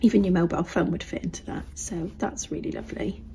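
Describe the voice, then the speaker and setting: A British woman vlogging casually as she shows craft items to the camera. She chats easily and often drops into soft, half-whispered asides. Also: lowish voice, fairly even intonation, fast talker, vocal fry, noisy background. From United Kingdom.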